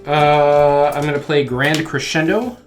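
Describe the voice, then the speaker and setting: Give me a slow-talking man calmly tallying up moves in a casual card game, with music playing behind him. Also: a little high. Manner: counting aloud, methodical, joking. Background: background music.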